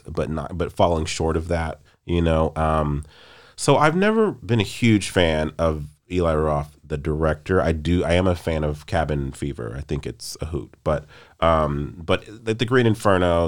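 Deep-voiced man rambling about movies. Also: normal speed. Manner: relaxed, rambling, laughs easily. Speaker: podcast co-host. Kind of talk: casual movie review chat.

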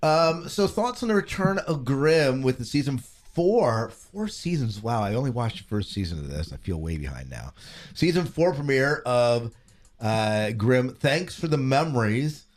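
A man's voice: medium pitch, sing-song, a little slow. A man co-hosting a casual podcast, reading out listener comments and laughing often. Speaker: podcast co-host.

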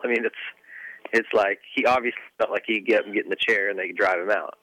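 A man in a casual motocross chat, easygoing and explaining calmly with lots of fillers. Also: fairly low pitch, a little fast, pauses often, dry recording, low-quality recording. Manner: easygoing, hedging with fillers, explains medical procedure.

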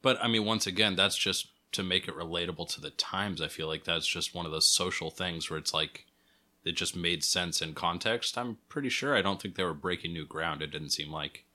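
A man's voice: low voice, fairly quick. A man co-hosting a podcast, talking casually and hesitantly with lots of fillers. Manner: relaxed, hesitant, many fillers. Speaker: podcast co-host. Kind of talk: casual chat.

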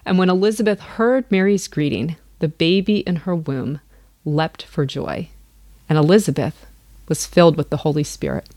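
A woman reads scripture aloud, unhurried and earnest. Her voice sits low, and the recording is dry and close with no room sound. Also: darkish tone, dry recording. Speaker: vlogger.

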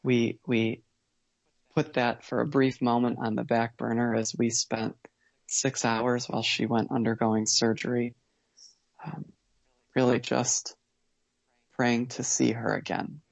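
Earnest man with a gravelly voice. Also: medium pitch, little pitch movement, no room sound, highs cut off. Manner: earnest, measured, with pauses and restarts. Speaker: guest, father. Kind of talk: reflective interview storytelling.

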